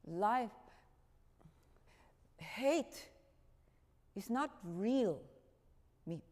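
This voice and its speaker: Give me a woman as a grave older man, gently insistent and a touch deep, in a big reverberant hall. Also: lively intonation. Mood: gentle, earnest. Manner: slow, patient, quietly insistent. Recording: long reverb of a church hall.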